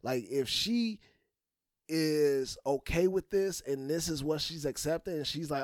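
A man's voice: on the high side, unhurried, no echo, studio quality. A young man co-hosting a podcast in casual, profane chat, laughing often and trailing off with "you know what I'm saying". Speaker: podcast co-host.

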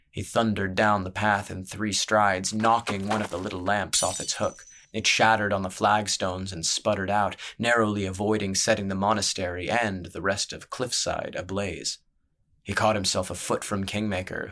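A man narrates a fantasy story in a steady, measured way. His voice sits low and stays flat, with soft music playing faintly beneath the reading. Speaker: audiobook narrator.

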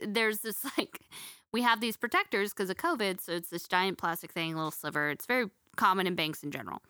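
A woman's voice: mid-range voice, bright, forceful tone, clean tone, dry recording, studio quality. A young woman co-hosting a podcast, telling rambling comic stories with lots of laughing and swearing. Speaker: podcast co-host. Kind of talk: casual chat, comic storytelling.

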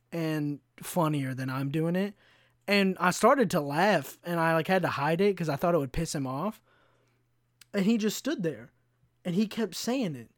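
A man hosting a solo podcast, ranting through profane, animated stories about customers and now and then mimicking their voices. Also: on the high side, no echo, clean studio sound. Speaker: podcast host.

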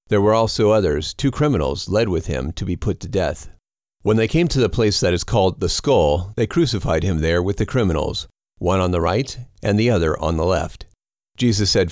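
Deep-voiced man reading scripture. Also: dry recording, clean studio sound. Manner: steady, measured reading. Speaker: audiobook narrator.

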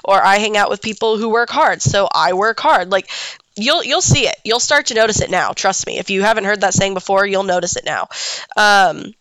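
A woman's voice: mid-range voice, moderate pace, fairly bright tone, dry recording, low-quality recording. A young adult woman hosting a podcast, telling a personal story in a candid, casual way and swearing freely. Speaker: podcast host.

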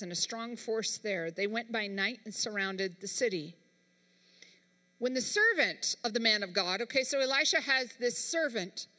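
In a large hall, a female preacher with a sharp-toned, mid-range voice preaches with emphasis. She directs her words straight at the congregation.

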